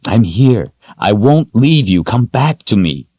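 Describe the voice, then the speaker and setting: A man's voice: fairly low pitch, dry recording, muffled recording, voice pushed up, full character voice. A man playing a desperate young man pleading. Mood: calm. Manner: urgent pleading shifting to calm, slow reassurance. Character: young man, desperate then calm and steadying.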